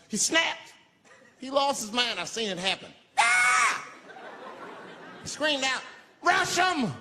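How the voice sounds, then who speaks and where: A man performing a profane stand-up set, telling a story with animated delivery and shouted character voices. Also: sits high, noisy background. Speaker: stand-up comedian. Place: large live comedy venue. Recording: live venue reverb, loud crowd laughter.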